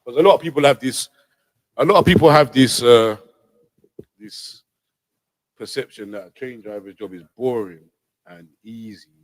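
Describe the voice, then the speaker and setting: A man hosting a livestream, chatting loosely and repeating himself, his loudness rising and falling. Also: mid-range voice, moderate pace, pauses often, dry recording, low-quality recording. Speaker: livestream host. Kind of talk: casual livestream chat.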